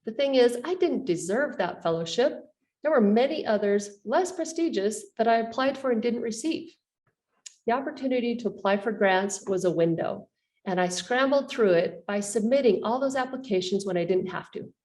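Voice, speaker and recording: A woman's voice: fairly high pitch, lively intonation, moderate pace, a little mellow. Middle-aged woman lecturing from a distance. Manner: earnest storytelling with light self-deprecating humor. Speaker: professor giving a lecture. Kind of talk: personal faith-and-career lecture. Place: university lecture hall.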